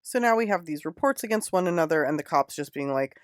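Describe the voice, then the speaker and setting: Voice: medium pitch, fast talker, no room sound, clean studio sound. A podcast host telling a true crime story in a casual, indignant, profane way. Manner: indignant, profane, animated retelling.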